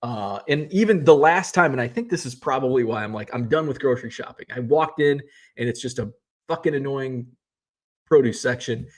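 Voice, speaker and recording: A man's voice: medium pitch, brisk. A man hosting a vlog, talking casually from his car, rambling and swearing freely as he complains. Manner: rambling, profane, exasperated ranting. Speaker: vlog host.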